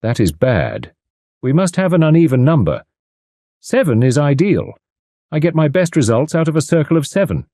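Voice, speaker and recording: Audiobook medium: male reader doing a grave young woman sensing trouble, high-pitched and dry. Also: very animated, normal speed, warm tone, no echo. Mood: ominous. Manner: solemn, ominous pronouncements. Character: sharp young woman medium, flatly certain.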